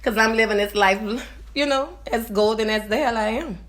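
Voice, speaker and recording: A vlogger in her forties from New Orleans, USA, talks to her viewers in a loose, rambling monologue, her voice pitched fairly high and her delivery a bit quick. Her accent is nasal and distinctly New Orleans, and she keeps asking "you understand?" while swinging between loud and quiet.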